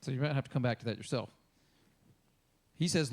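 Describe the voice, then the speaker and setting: A man's voice: mid-range voice, brisk. A man preaching a casual, conversational sermon as a pastor, talking informally and acting out the people in the story he tells. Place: church.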